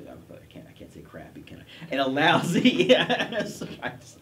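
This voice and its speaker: A man's voice: on the high side, wildly swooping pitch, moderate pace, fairly bright tone, distant mic. A middle-aged man, a professor, telling his career story in a casual interview, rambling with restarts and self-deprecating chuckles. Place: college TV studio.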